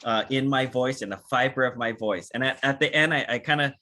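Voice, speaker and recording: A man giving an energetic, animated training talk on a video call, acting out short dialogues with big jumps in pitch. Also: brisk. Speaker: network marketing trainer.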